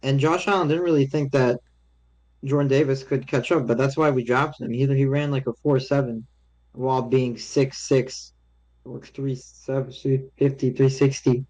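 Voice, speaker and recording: A young man co-hosting a casual sports podcast, talking in halting, restart-filled sentences. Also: medium pitch, fairly even intonation, a little mellow, poor audio. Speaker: podcast co-host.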